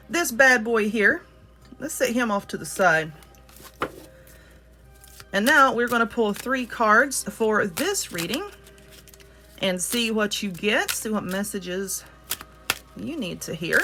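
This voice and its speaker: A woman's voice: a little high, expressive, slow pace, long pauses, pushed and bright, faint music behind. A woman with a Southern US accent giving a casual spoken card reading, talking earnestly and directly to the viewer. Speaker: tarot reader.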